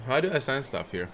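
A man's voice: mid-range voice, fairly bright tone, a little hiss or hum. A man giving casual gameplay commentary, chatting to his viewers and yelping when startled. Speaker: let's play host. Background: game music and sounds.

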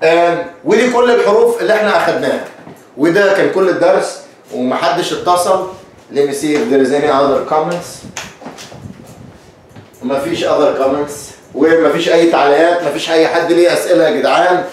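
A man with an Egyptian accent hosting a bilingual English lesson. He talks in an animated way and switches between Arabic and English. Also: a little high, rapid-fire, a little hiss or hum. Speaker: English teacher and host. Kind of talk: bilingual lesson with live chat. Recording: echoey room, distant mic.

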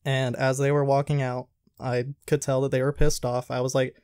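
Young guy telling restaurant job stories, gets animated doing the voices, dry close sound. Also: medium pitch, normal speed, clean tone, no echo. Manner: animated retelling, acts out quoted lines. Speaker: podcast host telling work stories. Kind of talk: casual storytelling chat.

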